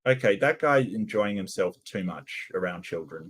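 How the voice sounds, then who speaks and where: A man's voice: deep voice, lively intonation, moderate pace, background noise. A man hosting a reaction video, giving sarcastic, rambling commentary. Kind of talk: casual commentary.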